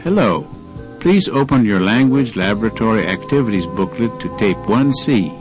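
A man narrating a language-lab lesson, reading instructions and words aloud with slow, deliberate enunciation. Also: on the low side, expressive, music in the background, rough recording.

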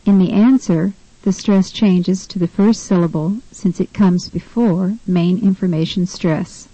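A woman reads the steps of an English pronunciation lesson in a clear, measured way. Her voice is warm and mellow, and the recording is dry and close. The style is scripted teaching narration. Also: lowish voice, no room sound, poor audio.

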